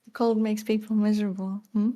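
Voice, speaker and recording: A woman's voice: medium pitch, level tone, brisk. A woman playing a game with her brother, chatting casually and giggling often. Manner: giggly, soft-spoken. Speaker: co-player, streamer's sister. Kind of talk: casual gameplay chat.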